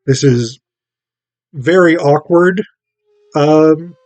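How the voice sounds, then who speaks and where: A man's voice: on the high side, very slow, a little mellow, dry recording, soft background music, low-quality recording. A man casually summing up a film plot, rambling and wry, with lots of ums and uhs. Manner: rambling, filler-heavy, wry. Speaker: film reviewer.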